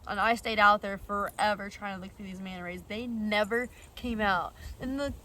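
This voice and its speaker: A woman's voice: medium pitch, steady tone, moderate pace, pushed and bright, distant mic, rough recording. A young woman vlogger telling a personal story in a rambling, blunt way, full of fillers and the odd swear. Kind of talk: casual storytelling.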